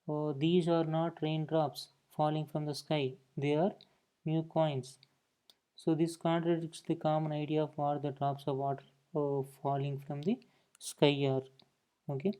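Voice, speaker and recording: A man's voice: a little high, mellow. A man teaching a grammar lesson, explaining points and often saying "okay" between them. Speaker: English teacher.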